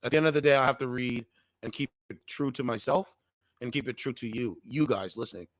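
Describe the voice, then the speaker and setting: A man's voice: mid-range voice, a little fast, no echo. A man hosting a casual commentary channel, reading news articles aloud with slangy asides, stumbling over words and repeating defensive disclaimers.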